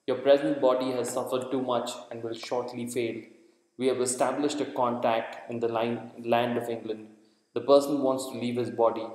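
Man voicing wise calm lama guide, measured solemn delivery, echoey reverb. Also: mid-range voice, close to an everyday voice. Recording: echoey room with long reverb.

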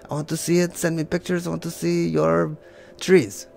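A man's voice: on the high side, level tone, normal speed, creaky, darkish tone. A man leading a casual draw-along lesson, talking loosely with lots of "like" and little sound effects as he draws. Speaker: art teacher.

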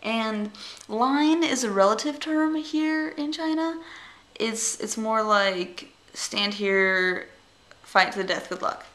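A young woman who teaches English, chatting casually and rambling off track, breaking into excited squeals as she unwraps things. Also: on the high side, slow. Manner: rambling, easily distracted, giggly; gushing excited squeals when unwrapping gifts. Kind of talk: casual vlog chat.

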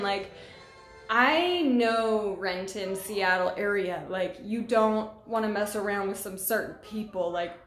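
Young woman, casual vlogger, lively storyteller, slightly high voice, echoey room. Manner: animated, profane, acts out quoted dialogue.

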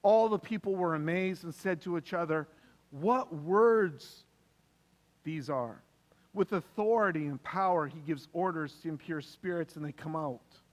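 A man's voice: on the high side, moderate pace, hardly any pauses. A man preaching a sermon as pastor, emphatic and repeating key phrases for stress. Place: church hall. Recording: long reverb of a church hall.

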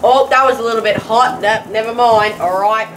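Australian woman, jokey slangy comic vlogger, slightly high voice, faint grill sizzle behind. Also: normal speed, noisy background. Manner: jokey, slang-heavy, excitable exclamations. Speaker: comedy vlogger. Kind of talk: comedic how-to vlog. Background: sizzling food on a grill.

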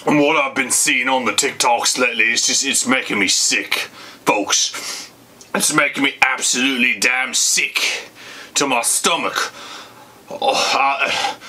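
A man rants to the camera in a comic drunken tirade, rambling, swearing and circling back on himself. His voice is husky yet very bright and cutting. He slurs and gets emotional, and he keeps calling his listeners folks. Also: medium pitch. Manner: rambling, profane, repeats "folks" and "you bastards". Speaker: comedy vlogger.

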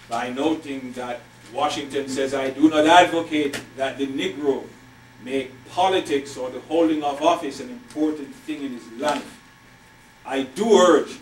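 An older man lecturing as a university professor, measured and emphatic, repeating his key phrases. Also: medium pitch, a little hiss or hum. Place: lecture hall. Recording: echoey lecture hall from far off.

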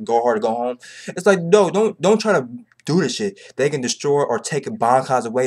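A man chatting casually in a rambling, profane way, repeating filler phrases and jumping up in pitch when exasperated. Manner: rambling, profane, repeats phrases like "bro" and "you know what I'm saying"; animated, pitch jumps high when exasperated. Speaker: manga commentator. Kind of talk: casual chat.

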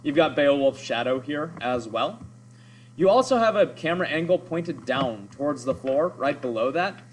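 A man's voice: on the high side, lively intonation, normal speed, slight background noise, poor audio. A man teaching a literature lesson in a casual, explaining way, thinking aloud as he goes. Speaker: English teacher. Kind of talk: recorded class lesson.

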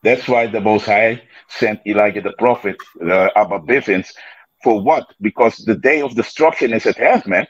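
Husky, dry-voiced man at a scripture study, lo-fi recording. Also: on the low side, lively intonation, moderate pace, no room sound. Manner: preachy, peppered with "man" and "you know". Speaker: participant in a scripture study session. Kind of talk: casual religious discussion. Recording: dull lo-fi audio.

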